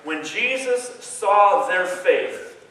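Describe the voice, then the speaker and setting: An animated preacher retells a story with jokes and bursts of exclamation. His pitch sits high and bright and swings widely. The sound rings through a vast stadium, picked up from a distance with a faint background hum. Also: very slow. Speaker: youth preacher. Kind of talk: lively sermon storytelling. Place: large stadium. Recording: echoey stadium from far off.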